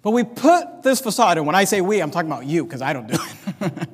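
A man preaching a sermon, swinging between loud, impassioned emphasis and quieter asides. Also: sits high, sing-song, measured pace, long pauses, husky. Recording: long reverb of a large hall.

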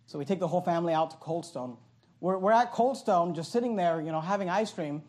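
A middle-aged man preaching a sermon as pastor, telling a story loudly and animatedly, now and then breaking into yelling. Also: sits high, quick pace. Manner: loud, animated storytelling from the pulpit; bursts into yelling.

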